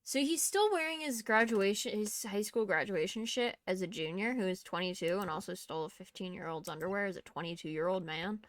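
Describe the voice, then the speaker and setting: A woman's voice: mid-range voice, fairly quick, few pauses. A young woman streaming a game, chatting casually with laughing asides and the odd swear. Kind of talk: casual gaming commentary.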